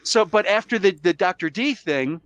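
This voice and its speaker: A man hosting a podcast while sick with a cold, arguing his side in a casual, animated way and acting out quotes. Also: sits high, normal speed, no room sound, lo-fi sound. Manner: animated, argumentative, acts out quotes. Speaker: podcast host. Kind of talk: casual debate chat.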